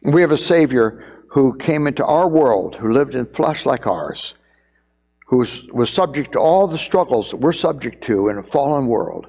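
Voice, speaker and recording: A man's voice: mid-range voice, expressive, moderate pace, creaky, a little mellow. Middle-aged pastor guy preaching, earnest, repeats lines for punch, long echoey church reverb. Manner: earnest, building to emphatic repeated phrases. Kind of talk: sermon. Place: church sanctuary.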